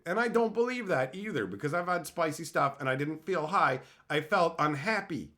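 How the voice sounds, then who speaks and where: Animated, bright-voiced male streamer. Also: a little high, moderate pace, few pauses. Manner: animated, swearing, rants with exasperated disbelief. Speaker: streamer reading chat. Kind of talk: casual live-stream chat.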